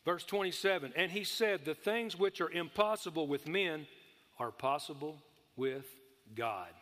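A man preaches with a high, ringing voice. He presses his points hard, asks the room for amens and slows right down on the words he wants to land. The sound carries a long reverb from the church hall. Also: lively intonation, a bit bright. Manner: emphatic, calls for amens, drawls key words slowly. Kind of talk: sermon.

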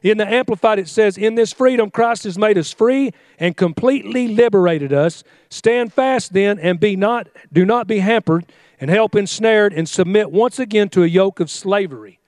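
A man's voice: high voice, normal speed, darkish tone, no echo, studio quality. A male pastor preaching a fiery sermon, exhorting his congregation with call-and-response commands.

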